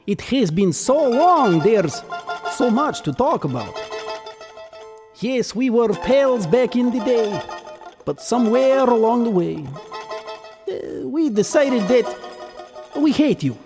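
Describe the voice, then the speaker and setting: A man's voice: very high voice, big pitch swings, slow, pauses often, voice pushed up, full character voice. A man singing as touchy Russia, mock Russian accent. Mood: sardonic. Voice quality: sung in a put-on heavy accent. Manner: sarcastic, mock-polite, wounded pride. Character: Russia personified as a proud, touchy male singer. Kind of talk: comic satirical song. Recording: sung over guitar and mandolin.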